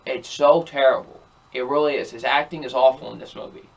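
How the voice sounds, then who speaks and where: A man's voice: medium pitch, fairly even intonation, brisk, vocal fry. A young man giving a ranting, repetitive movie review, sounding exasperated as he keeps circling back to the same complaints. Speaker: film reviewer.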